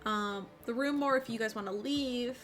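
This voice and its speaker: A woman's voice: a little high, moderate pace, fairly bright tone, soft background music. A woman narrating a tabletop game as game master, hesitant with many ums, building suspense in her descriptions.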